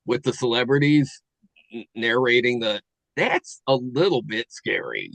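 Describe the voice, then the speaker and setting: Middle-aged male host, halting musing delivery, dry close mic. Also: mid-range voice, sing-song, creaky, fairly bright tone, no room sound, low-quality recording. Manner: musing, halting, with many fillers and restarts. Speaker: podcast host. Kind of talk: casual chat.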